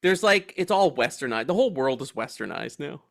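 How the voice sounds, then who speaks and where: A man's voice: medium pitch, very animated, brisk, creaky, fairly bright tone. A man co-hosting a movie podcast in casual, joking banter. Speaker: podcast co-host. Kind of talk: casual chat.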